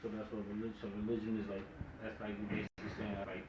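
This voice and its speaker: A man interviewing restates his guest's point hesitantly, in a low, flat voice. He talks quickly. The sound is muffled and distant, with clear background noise in an echoey room.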